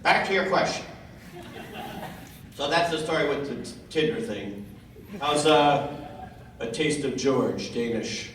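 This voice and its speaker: A man's voice: medium pitch, lively intonation, measured pace, pauses often, fairly bright tone. A man on a convention panel teasing the audience with sarcastic, profane improvised banter. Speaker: comedic voice actor on a convention panel. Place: large convention hall. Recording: echoey hall, distant mic, noisy.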